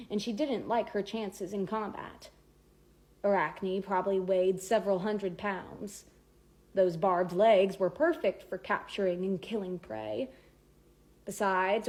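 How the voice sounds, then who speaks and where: A woman's voice: mid-range voice, darkish tone. A woman reading a novel aloud with dramatic, varied pacing. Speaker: audiobook reader. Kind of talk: expressive book narration.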